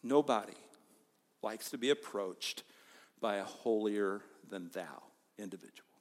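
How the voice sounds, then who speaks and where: A man preaching a sermon as pastor, emphatic, with loud stresses and hushed asides. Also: fairly low pitch, unhurried. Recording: long hall reverb.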